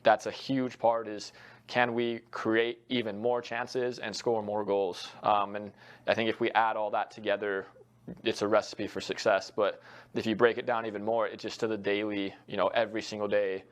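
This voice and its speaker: A man's voice: lowish voice, little pitch movement, moderate pace. A young man, a college soccer head coach, giving earnest, reflective interview answers with frequent fillers.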